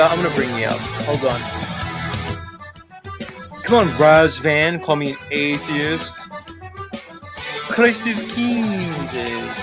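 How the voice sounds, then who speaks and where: A man hosting a live stream show, talking casually in a rambling, profane way and chuckling often. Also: on the high side.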